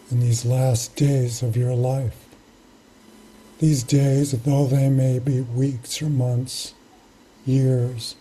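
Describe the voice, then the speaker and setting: A Zen teacher tells a teaching story in a slow, unhurried way. The voice is mellow and soft-edged, and the delivery is measured and reflective, pausing between phrases. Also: medium pitch, a little hiss or hum, low-quality recording. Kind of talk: storytelling sermon.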